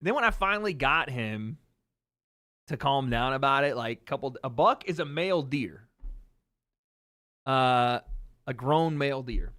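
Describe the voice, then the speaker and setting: A man's voice: mid-range voice, measured pace, pauses often, no echo. A man hosting a livestream, casually telling a story and answering his chat. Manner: animated storytelling, talks to chat. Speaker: livestream host.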